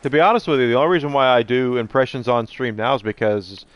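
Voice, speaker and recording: A man's voice: medium pitch, fast talker, smooth, muffled recording. A middle-aged man streaming live, rambling casually and answering his viewers' chat messages.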